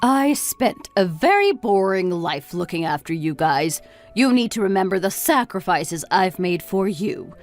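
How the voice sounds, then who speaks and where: Reproachful mom, mid-pitch, lively inflection; actress. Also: female voice, measured pace, soft background music. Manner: reproachful, lecturing. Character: bitter, reproachful middle-aged mother. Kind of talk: scripted text-story drama.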